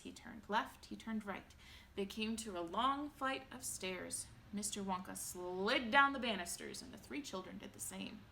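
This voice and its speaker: Woman storyteller for a bedtime reading, lively and expressive, bright voice. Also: mid-range voice, creaky, slight background noise.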